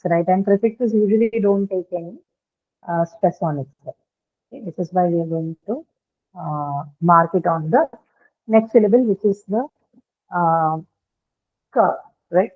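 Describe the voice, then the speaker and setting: A woman's voice: lowish voice, normal speed. A woman teaching a lesson on word stress, explaining step by step and often checking with "right?". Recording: thin phone-like line.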